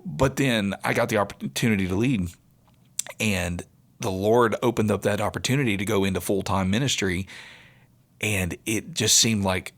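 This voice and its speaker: A man in his forties with a very low voice. He chats on a podcast as co-host and worship leader. He tells his story in an earnest, rambling way. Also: moderate pace, a bit bright. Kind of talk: casual chat.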